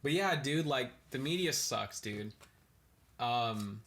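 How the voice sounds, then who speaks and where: A man's voice: mid-range voice, slow pace. Slangy, ranting young man. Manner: slangy and profane, full of "bro" and "dude", rambling tangents; ranting, animated bursts. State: high. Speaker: podcast host. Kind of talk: casual rambling monologue.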